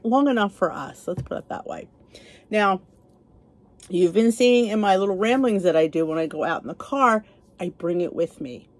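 A woman's voice: mid-range voice, animated, normal speed, dry recording. A middle-aged woman vlogging in her home kitchen, chatting casually and rambling with frequent asides. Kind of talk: casual chat.

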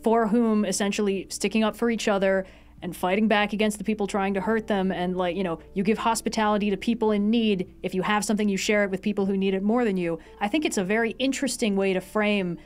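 A woman's voice: mid-range voice, steady tone, fast talker, darkish tone. A woman co-hosting a casual discussion, speaking fluently and analytically. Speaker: co-host.

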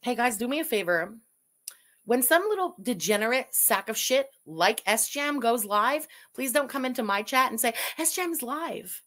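A woman's voice: on the high side, expressive, normal speed, fairly bright tone. A woman from Canada giving profane, sarcastic commentary while reacting to a video. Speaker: commentary streamer.

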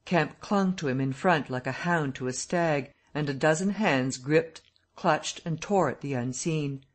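A man reading a classic novel aloud as an audiobook narrator, telling the story in a steady, even way. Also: fairly high pitch, a little slow.

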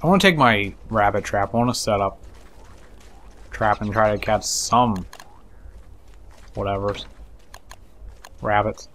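Excitable, cursing man narrating a game. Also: on the low side, a little slow, long pauses. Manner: excitable, swears and laughs, talks to game creatures. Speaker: gameplay commentator. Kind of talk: casual let's play commentary.

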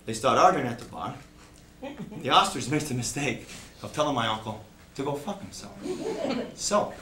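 A man's voice: sits high, animated, fairly quick, fairly bright tone. Man narrating a story on an echoey stage. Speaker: comedian telling a story about his youth. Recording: echoey live stage recording with noise.

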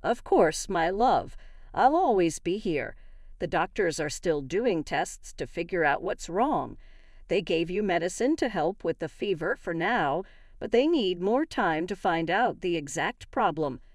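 A reassuring young husband speaks gently and steadily, voiced by a woman narrator in her own low-set voice. The delivery is calm and soothing, with lots of melodic movement. The sound is dry and close, with no room around it. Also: a little slow, no echo.

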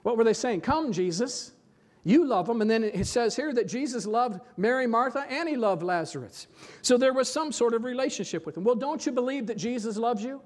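A man with a strikingly high voice preaches to his congregation. He pleads and presses his points earnestly, restarting and repeating phrases to drive them home. Now and then he stops to ask the listeners for an amen. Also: lively intonation, brisk. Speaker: pastor. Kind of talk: sermon.

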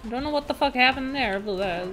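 A woman's voice: high-pitched, animated, a little fast, a bit bright, a little hiss or hum. A woman streamer chatting casually while gaming, cursing and exclaiming at the game and reading chat. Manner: swears a lot, exclaims at the game.

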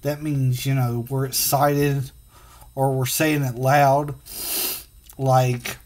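A man teaching a phonics and punctuation lesson to children, sounding out letters slowly and patiently. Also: medium pitch, level tone, darkish tone.

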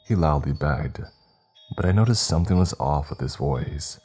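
A man narrating a scripted horror story in a steady, measured reading. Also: extremely low pitch, slightly rough. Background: faint music.

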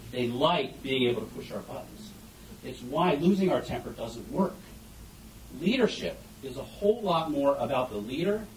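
A man's voice: on the high side, slight background noise. Man telling parenting stories on stage. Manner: animated storytelling with audience questions. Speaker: speaker giving a short stage talk on parenting. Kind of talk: humorous public talk. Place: event hall before an audience. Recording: echoey room heard from a distance.

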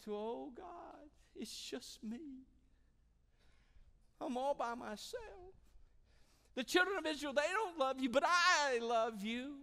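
A man's voice: very high-pitched, animated, takes it slowly, creaky, long pauses, sharp tone, in a large hall, pitched above the performer's own voice, exaggerated voice. A man voicing a whining, self-pitying male prophet in a sermon. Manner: whiny.

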